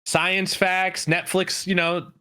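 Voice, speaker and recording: A man's voice: sits high, little pitch movement, takes it slowly, pushed and bright, clean tone. A man co-hosting an anime podcast in casual chat, laid-back and rambling, swearing casually. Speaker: podcast co-host.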